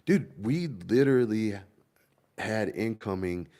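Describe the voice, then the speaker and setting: A man's voice: fairly low pitch, slow. A man, an army veteran, telling war stories in a casual, laughing chat. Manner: laughing, animated storytelling.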